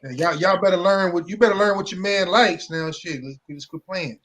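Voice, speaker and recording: A man's voice: high-pitched, a little fast, crowd noise. A man co-hosting a casual podcast, trading crude jokes and swearing freely. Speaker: podcast co-host. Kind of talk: casual chat.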